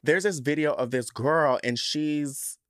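A man hosting a podcast, telling a story in a campy, profane, animated way. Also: a little high, a little slow, clean tone, no room sound, studio quality. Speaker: podcast host. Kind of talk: casual chat.

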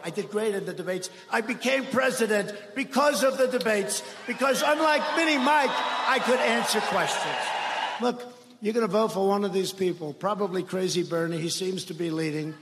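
Man, rally speech, high voice, bright tone, mocking, shouting, echoey arena with long reverb. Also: normal speed, a little hiss or hum. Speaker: politician at a rally. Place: large indoor arena.

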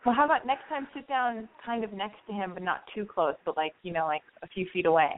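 A woman's voice: mid-range voice, steady tone, fast. A woman hosting a casual advice chat, talking loosely and acting out little scenes. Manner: chatty, acts out scenes with quoted voices. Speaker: advice show host. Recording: tinny phone-like sound with faint noise.

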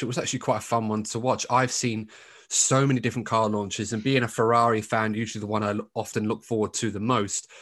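A man's voice: on the low side, fairly bright tone. Chatty male podcast co-host. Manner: chatty, many asides and restarts. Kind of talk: casual podcast chat.

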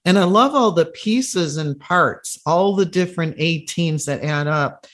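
An interview host sharing a story in an unhurried, warm conversational way. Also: medium pitch.

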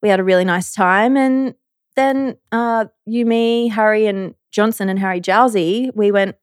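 A woman's voice: mid-range voice, unhurried, dry recording. A young woman with a mid-range voice chatting casually as a co-host. She is playful and easygoing and breaks into laughs often. The sound is dry and close. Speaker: podcast co-host. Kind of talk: casual chat.

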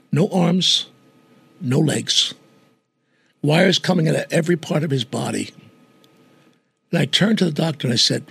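A gravelly older man tells a story in an animated way, taking on the voices of the people in it. His voice is strongly raspy and pitched a little high for a man. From New York. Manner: animated storyteller who acts out quoted voices. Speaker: guest entertainer. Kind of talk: storytelling in conversation.

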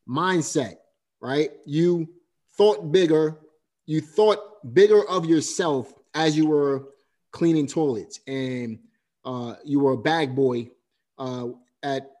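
Male podcast host, coaching recap style, slightly high voice. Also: darkish tone. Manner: coaching, recaps points with "right?". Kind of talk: casual chat, summarizing lessons.

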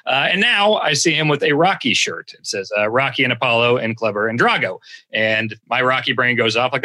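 A man's voice: mid-range voice, brisk, sharp tone. A man who is a guest on a podcast, talking with enthusiasm and often laughing at himself. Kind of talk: casual podcast banter.

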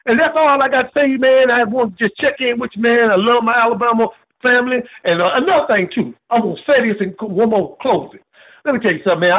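Older man caller, folksy, humorous storyteller, high voice, muffled line. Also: a bit bright. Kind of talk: call-in storytelling. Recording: muffled phone call.

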